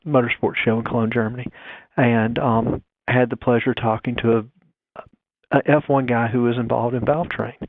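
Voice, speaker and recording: A man calling in as a guest engineer, explaining technical details step by step in a phone interview. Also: mid-range voice. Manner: explanatory, talks through figures step by step. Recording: dry tinny phone line.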